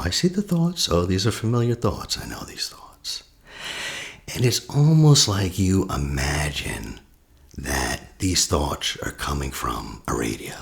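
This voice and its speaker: A man, a therapist, talking a listener through a guided meditation in a slow, soft voice that often drops to a near whisper. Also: extremely low pitch, vocal fry. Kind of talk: guided meditation with teaching asides.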